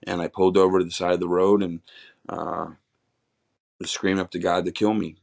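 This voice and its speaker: Low-voiced man telling his story raw. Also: level tone, fairly quick, gravelly, a little mellow. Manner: raw, rambling, with many restarts. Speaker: podcast guest. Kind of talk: candid personal storytelling.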